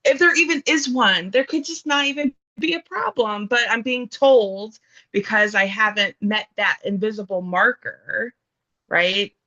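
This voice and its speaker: Bright-voiced woman talking through grief. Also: mid-range voice, measured pace, lo-fi sound. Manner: earnest, thinking aloud with many fillers and restarts. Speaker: guest speaking on grief. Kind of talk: casual conversation.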